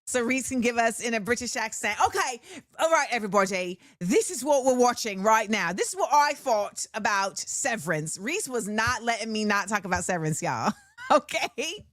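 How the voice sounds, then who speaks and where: A woman's voice: on the high side, moderate pace, no room sound. A middle-aged woman hosting a talk show, chatting casually and animatedly. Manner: animated, chatty, laughs often.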